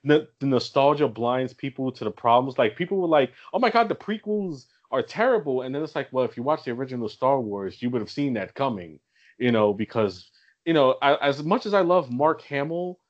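A man co-hosting a casual podcast, talking in halting bursts, stuttering over repeated words and laughing often. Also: mid-range voice, dull audio. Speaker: podcast co-host. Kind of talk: casual chat.

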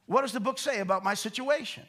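A man's voice: high-pitched, quick pace, pushed and bright. A man preaching a Bible teaching sermon in a conversational way, asking rhetorical questions and repeating words as he explains. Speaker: pastor.

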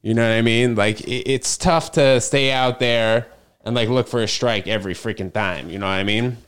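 A man's voice: medium pitch, normal speed, fairly bright tone, clear, resonant tone. A young man, chatting solo in a loose, rambling way to a camera set on his fridge at home. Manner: rambling, filler-heavy storytelling. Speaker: podcast host. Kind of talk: casual solo vlog chat. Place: apartment kitchen. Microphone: camera on a refrigerator.

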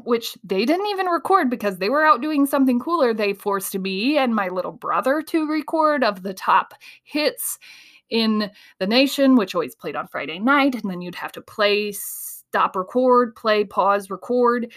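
A woman hosting a casual monologue, telling an animated story, laughing often, her ideas tumbling out quickly. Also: a little high. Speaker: host.

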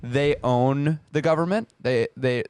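A man's voice: medium pitch, measured pace, a little mellow, clear, resonant tone, no room sound. A man in his thirties from Manhattan, co-hosting a casual comedy podcast, rambling and laughing through his own jokes. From Manhattan, New York. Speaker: podcast co-host.

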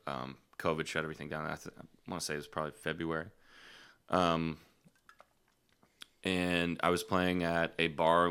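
A man's voice: extremely low pitch, clear, resonant tone. A man hosting a casual podcast, telling blunt, profanity-laced stories about playing bar gigs as a musician. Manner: profane, blunt, animated storyteller. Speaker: podcast host and gigging musician. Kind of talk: casual podcast chat and storytelling.

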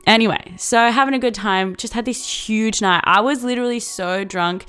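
A woman's voice: fairly high pitch, normal speed, hardly any pauses, a bit bright, clean tone, soft background music. A young Australian woman in her twenties telling a story in a casual vlog, chatty and profane, full of likes and laughing asides. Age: 20s.

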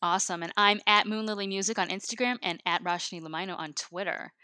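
A woman from Michigan co-hosting a podcast, upbeat and quick to laugh. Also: mid-range voice, fairly even intonation, sharp tone, no room sound. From Michigan, USA. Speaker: podcast co-host. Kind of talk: casual chat.

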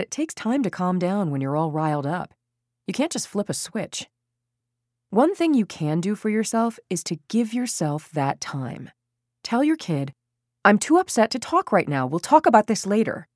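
A woman's voice: lowish voice, darkish tone, dry recording, studio quality. A woman narrating a parenting audiobook, reading expressively and acting out quoted lines.

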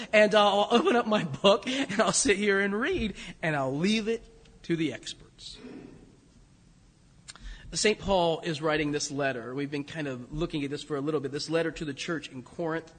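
A man preaching a sermon in a relaxed storytelling way, chuckling at himself as he goes. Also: high voice. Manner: storytelling, conversational, self-deprecating with chuckles. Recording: long hall reverb.

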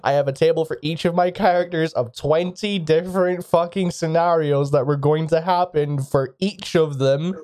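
A man from the UK running a tabletop game, excitable and profane, laughing often. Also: on the high side, normal speed, few pauses. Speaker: game master.

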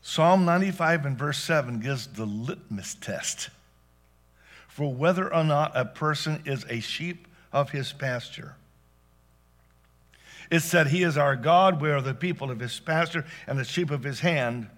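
A man preaching a sermon as pastor, dynamic, swinging from loud exclamations to hushed asides. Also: a little high, unhurried.

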